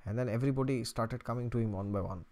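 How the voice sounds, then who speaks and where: A man's voice: mid-range voice, fast talker, a little mellow. A man hosts an astrology channel and talks straight to his viewers in a loose, chatty way. His voice sits in a middle register, and he often breaks into little chuckles as he tells a story. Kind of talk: casual storytelling to camera.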